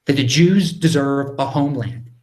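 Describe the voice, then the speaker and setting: Guy answering chat questions on a livestream, keeps his voice low, stumbles and restarts a lot. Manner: animated, talks over himself with quick restarts; lowered, near-whispering voice. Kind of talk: casual live Q&A. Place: apartment.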